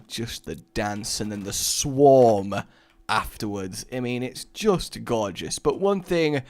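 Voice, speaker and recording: A man hosting a gaming channel, giving excitable, gushing gameplay commentary and mimicking explosion sounds. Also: mid-range voice, slow, soft background music.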